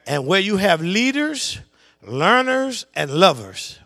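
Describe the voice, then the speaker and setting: Slow and gravelly, an older man preaches, telling a family story and calling out to those in the pews. His pitch swings widely, dropping to low murmurs and rising to impassioned shouting.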